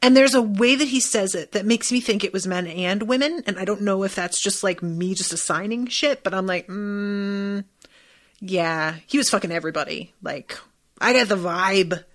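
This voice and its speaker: A young adult woman hosts a podcast, chatting excitedly about a TV episode while swearing freely and relying on lots of "like" fillers. Her voice is medium-pitched at a normal speed.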